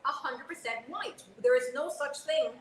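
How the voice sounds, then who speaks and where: A woman in her forties co-hosting a casual panel chat, an animated storyteller who keeps checking in with "okay?". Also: sits high, moderate pace, roomy sound, low-quality recording. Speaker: co-host.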